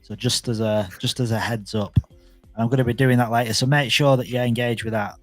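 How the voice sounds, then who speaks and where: A man's voice: mid-range voice, steady tone, fairly quick, no echo. Man, casual host, rambling restarts, dry close sound, faint music behind. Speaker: space host. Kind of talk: casual chat. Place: home, at night.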